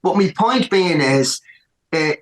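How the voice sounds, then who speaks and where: Brief: Irish male musician guest, higher voice, lively storyteller, roomy echo. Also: slow pace. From Ireland. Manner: animated, repeats words for emphasis. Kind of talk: casual storytelling interview.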